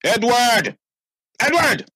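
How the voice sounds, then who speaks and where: A man's voice: very high voice, animated, slow, bright, forceful tone, husky, dry recording, clean studio sound, pitched above the performer's own voice, heavily acted. A man voicing a furious wealthy father who bellows and screams in rage. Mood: bellowing. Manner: screaming, raging.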